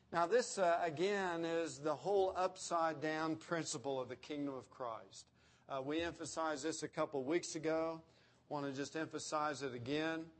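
A man preaching an expository sermon, slowing down to quote scripture and stressing key words. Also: a little high. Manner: emphatic, slows down to quote scripture. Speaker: pastor.

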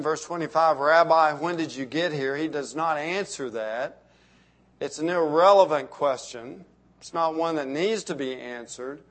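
A middle-aged male pastor preaching a sermon, building emphasis on key phrases and letting sentence endings fall soft. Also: a little high.

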